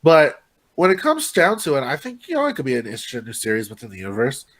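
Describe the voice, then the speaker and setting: A man's voice: medium pitch, huge pitch swings, fast talker. A man co-hosting a casual chat, talking in a hesitant way with many restarts. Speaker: podcast co-host.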